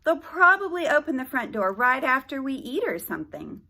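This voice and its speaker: A woman's voice: high voice, big pitch swings, normal speed, creaky, pushed and bright, voice pushed up, exaggerated voice. A woman voicing an eager, friendly teenage boy who talks in an earnest, upbeat way.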